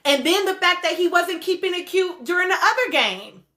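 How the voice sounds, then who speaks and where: A woman's voice: extremely high pitch, normal speed. A woman hosting a casual reality-show recap livestream, talking bluntly and profanely. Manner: blunt, profane, animated commentary with laughs. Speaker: podcast host.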